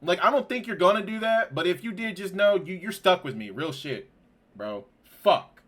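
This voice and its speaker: A man giving let's-play commentary on a game, slangy and profane, shaken and near tears, swinging from quiet mumbling to outbursts. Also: sits high, lively intonation, normal speed. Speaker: gaming YouTuber.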